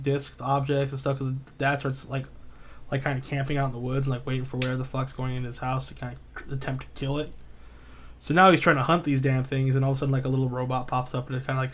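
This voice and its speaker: A man co-hosting a podcast in casual chat, rambling through a retold story with lots of swearing and filler words. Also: mid-range voice. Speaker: podcast co-host.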